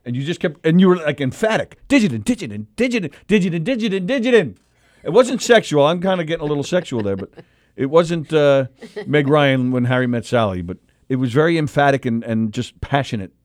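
A man co-hosting a talk radio show, his pitch bouncing lively up and down as he rambles through a story. He restarts his sentences often in loose, casual banter. The studio sound is dry and close. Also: a little fast, no echo. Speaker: radio comedy show co-host.

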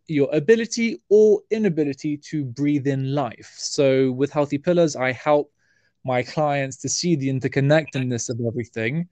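A man, talking casually as an interview guest, relaxed and rambling with fillers and restarts. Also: medium pitch, no room sound. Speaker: herbalist guest.

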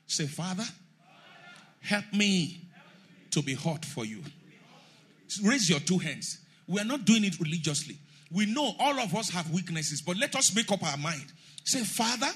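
A man preaching a sermon emphatically, rising to shouts and leading the congregation in call and response. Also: high-pitched, animated, normal speed, slightly rough.

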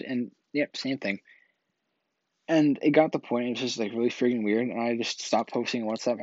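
A man tells a personal story in a loose, rambling way, restarting sentences and leaning on filler words. His voice sits at an ordinary middle pitch. The recording is dry and a bit dull and lo-fi. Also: dry recording. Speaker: vlog host telling a personal story. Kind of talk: casual storytelling.

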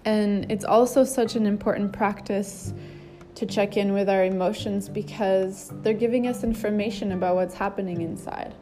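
A woman yoga teacher talks in a calm, gentle, reflective way, now and then restarting a phrase. Her voice is mellow and warm, and her pitch stays fairly level. Soft music plays faintly behind her. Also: moderate pace. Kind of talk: reflective spoken monologue.

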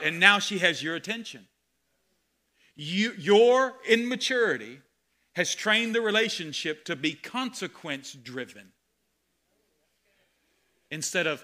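A man preaching a sermon as pastor, animated, with sudden loud exclamations. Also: sits high, moderate pace, long pauses.

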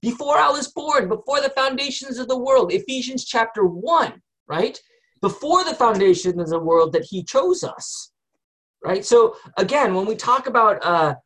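A man's voice: extremely high pitch, a bit bright. A man leading a group Bible study in a conversational way, often asking the group questions and using many fillers.

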